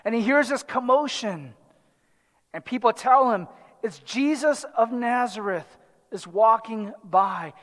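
A man with a strikingly high voice delivers an expository sermon, reading a passage and then retelling it with lively acted-out quotes. His voice rings through a hall with a long reverb. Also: slow pace. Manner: animated, dramatizes the crowd and the blind man in quotes. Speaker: preacher.

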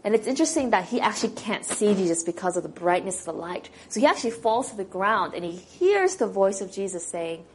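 Woman Bible teacher, mid-pitched, conversational sermon to a small group, reads scripture, then asks the room questions. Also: sing-song, a little fast, few pauses, a little hiss or hum, poor audio.

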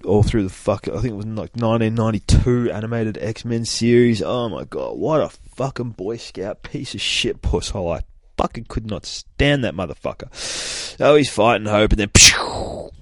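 A man's voice: fairly low pitch, animated, moderate pace, no room sound. A man hosting a comic podcast, recapping an issue in a rambling, profane, casual way. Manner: profane, rambling, swears constantly.

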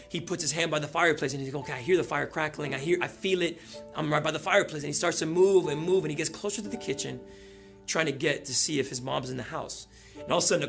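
Gravelly-voiced pastor preaching over soft music. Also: male voice, on the high side. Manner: storytelling, rising to loud emphatic peaks. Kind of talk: sermon.

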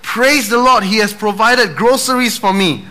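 A man voicing a devout little old lady who shouts her praises to the sky. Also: mid-range voice, slow, voice pushed up. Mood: triumphant.

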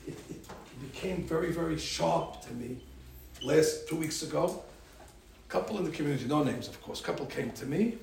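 A rabbi tells stories to a group of girls, acting out each person he quotes. His voice is a little high and gravelly. The sound comes from a distant mic in a very echoey room with faint background noise. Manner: animated storyteller acting out the people he quotes. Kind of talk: storytelling talk to a group of girls.

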